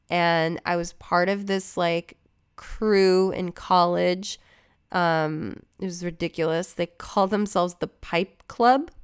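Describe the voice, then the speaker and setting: A woman with a lowish, smooth and clear voice hosts her own podcast alone. She talks casually and loosely, swearing often and drifting into side remarks as she tells stories. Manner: chatty, profane, rambling asides. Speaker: podcast host. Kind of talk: casual solo podcast chat.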